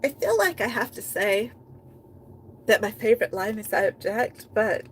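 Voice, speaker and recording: A woman hosting a poetry reading, reading poems in a rhythmic, chant-like way and talking about them with hesitant pauses and restarts. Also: a little high, very animated, a little hiss or hum, poor audio. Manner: hesitant fillers and restarts in her chat, rhythmic chant-like recital.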